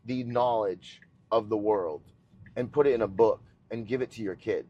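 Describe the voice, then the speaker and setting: A man, a jiu-jitsu coach, explaining his ideas in a steady, teacherly way during casual chat in a car. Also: lowish voice, normal speed, highs cut off. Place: inside a car.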